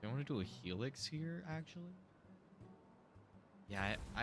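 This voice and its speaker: A man's voice: fairly low pitch, very animated, brisk, long pauses, over music. A young man streaming a building game, casually thinking aloud and mumbling to himself as he works. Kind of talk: casual live gameplay commentary.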